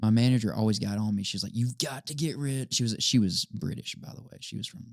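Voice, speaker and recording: A man in his twenties with a Southern US accent, chatting as a podcast guest, relaxed and repeating his words. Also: on the low side, fast talker, vocal fry, no echo, clean studio sound. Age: 20s. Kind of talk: casual conversation.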